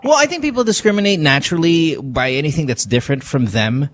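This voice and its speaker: A man's voice: a little high, lively intonation, fast. A man hosting a radio call-in show, talking loosely with laughter and profanity. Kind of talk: casual late-night call-in talk. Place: radio studio.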